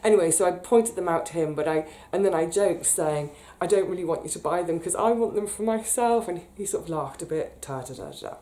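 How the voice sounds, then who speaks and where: British woman, casual vlog storyteller, mellow and lowish, animated. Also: brisk, few pauses. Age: 30s. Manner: chatty, animated, emotional when retelling.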